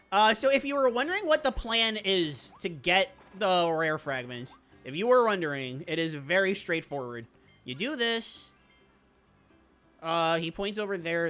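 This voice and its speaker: A speedrunner giving excitable, rambling commentary over gameplay, with quick laughs and self-interruptions. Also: mid-range voice, clear, resonant tone. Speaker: speedrunner streamer.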